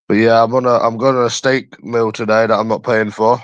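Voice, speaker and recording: A man's voice: medium pitch, flat delivery, a little fast, hardly any pauses, no echo, highs cut off. A young man from London chatting on a livestream, crude, taunting and repeating himself as he answers viewers. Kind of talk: casual chat answering viewers.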